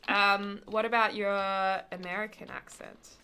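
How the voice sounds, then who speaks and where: A woman's voice: mid-range voice, steady tone, measured pace, bright, forceful tone, clear, resonant tone, faint music behind. A woman hosting a live game stream, chatting casually and laughing often. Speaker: streamer host. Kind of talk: casual live-stream chat while gaming.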